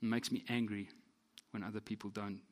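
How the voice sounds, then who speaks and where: Self-mocking pastor preaching. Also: male voice, lowish voice, brisk, in a large hall, a little hiss or hum. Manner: animated, self-deprecating storyteller. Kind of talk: storytelling sermon.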